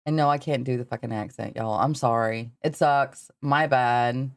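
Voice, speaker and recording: A woman's voice: extremely low pitch, normal speed, no room sound. A woman with a Southern accent hosting a podcast livestream, rambling casually, swearing freely and laughing often. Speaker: podcast host.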